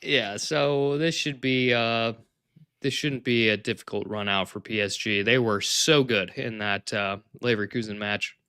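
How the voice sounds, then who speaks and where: A man's voice: medium pitch, measured pace, sharp tone, clear, resonant tone, dry recording, clean studio sound. A man co-hosting a sports betting podcast, upbeat and playful, reading out picks. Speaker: co-host of a soccer betting podcast. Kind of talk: casual sports betting chat.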